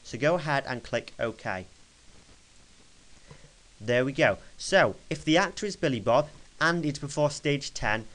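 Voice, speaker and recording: A young man talking through a casual screen-recorded software tutorial at his computer desk, chatty and rambling, correcting himself as he clicks along. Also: mid-range voice, lively intonation, measured pace, long pauses, poor audio. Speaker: tutorial maker.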